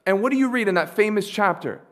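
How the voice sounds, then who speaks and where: A man with a fairly high voice preaches a sermon. He asks the congregation questions and waits for their answers. He moves from soft, low asides to loud, emphatic declarations. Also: animated, quick pace. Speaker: pastor.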